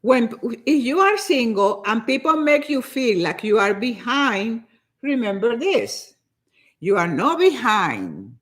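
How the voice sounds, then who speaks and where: An older woman giving a motivational talk in an animated, preachy way, often repeating herself for emphasis. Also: on the high side, slow. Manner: acts out other people's nagging voices. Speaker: motivational speaker.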